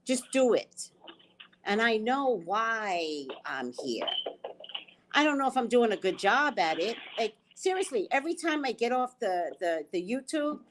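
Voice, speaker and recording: Laughing, animated woman host. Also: a little high, unhurried, slight background noise. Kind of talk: casual live chat.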